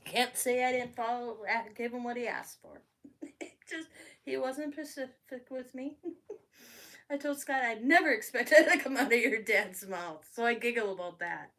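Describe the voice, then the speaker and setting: A woman's voice: on the high side, steady tone, moderate pace, a bit bright, recorded from a distance. A middle-aged woman telling stories in a casual live-stream chat, laughing often as she talks. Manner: chatty storyteller who laughs often. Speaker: craft channel host.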